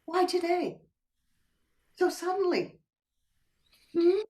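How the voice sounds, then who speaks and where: Over a video call, an older woman performs a play reading as a middle-aged wife who is coy, teasing, soothing, and unfaithful, at times lowering to a whisper. Her voice is extremely high, warm, and lively in intonation, delivered slowly and heavily acted. She is somewhat distant from the microphone.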